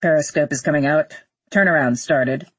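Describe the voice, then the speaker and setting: A woman voicing a calm male astronaut giving short, matter-of-fact reports from a rocket. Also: deep voice, moderate pace, breathy edge, dry recording, voice pushed down. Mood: clipped.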